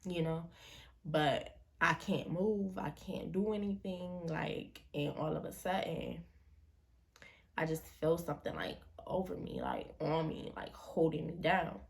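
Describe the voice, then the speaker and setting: A young woman tells a personal story to her camera in a relaxed, slangy way. Her voice sits low and has a gravelly edge. She slips into the voices of the people she quotes as she talks. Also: measured pace. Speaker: vlogger. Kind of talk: casual storytime.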